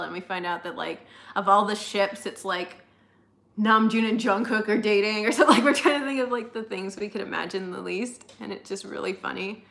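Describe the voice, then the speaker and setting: A woman's voice: medium pitch, brisk, creaky, a bit bright. A young woman co-hosting a live stream, chatting casually with viewers in a rambling way full of fillers.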